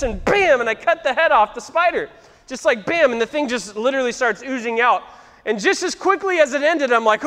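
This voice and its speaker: Man, preacher, very high voice, animated dramatic storytelling, frequent laughter, church sanctuary, long echoing reverb. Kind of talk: sermon with vivid storytelling. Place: church sanctuary, live before a congregation.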